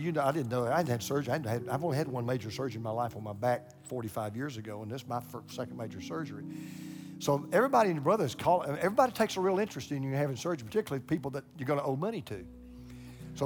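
An older pastor tells his congregation a personal story in a sermon, full of lively energy and stumbling over repeated words as he gets worked up. His voice has an ordinary middle pitch, he acts out quoted voices, and guitar music is clearly audible underneath.

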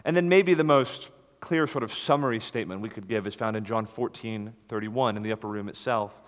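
A man's voice: on the low side, brisk, few pauses. A man preaching a sermon in an earnest, emphatic way, stressing key words. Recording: long reverb of a large hall.

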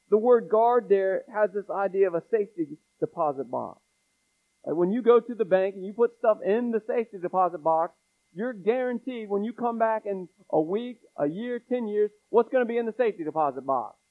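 A man preaching a sermon, pressing the congregation with pleading rhetorical questions. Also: high voice. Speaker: pastor. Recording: tinny phone-like sound.

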